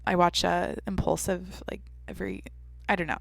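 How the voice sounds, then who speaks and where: A woman's voice: lowish voice, animated, moderate pace, vocal fry, fairly bright tone, no room sound. Nasal woman rambling on her podcast. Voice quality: nasal, slightly congested sound. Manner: rambling, chatty, profane and self-mocking. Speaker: podcast host. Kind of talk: casual solo podcast chat.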